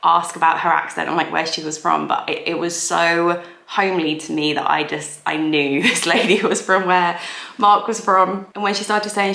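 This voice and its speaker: Woman in her thirties, beauty vlogger, low gravelly voice, chatty and self-mocking, echoey room. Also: steady tone, moderate pace, pushed and bright. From England. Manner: chatty, giggly, self-deprecating. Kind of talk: casual get-ready-with-me chat.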